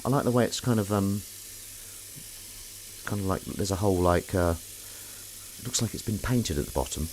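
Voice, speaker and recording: A man's voice: sits low, animated, moderate pace, long pauses, a little mellow, slight background noise. A man chatting casually while he does the washing up, rambling, jokey and self-mocking, with the odd swear word. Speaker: host doing the washing up on a live stream.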